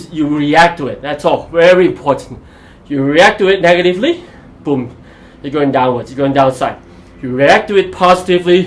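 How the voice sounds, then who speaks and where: The host's voice runs high, and the room around him echoes. Streaming live, he energetically motivates viewers through a golf-focused workout, mixing exercises with golf tips.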